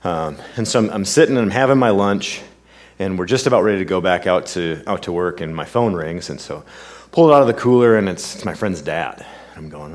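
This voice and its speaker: A male pastor preaching a sermon, reading scripture with sweeping emphasis, then telling a personal story in an earnest, quiet way. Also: low voice, fairly quick.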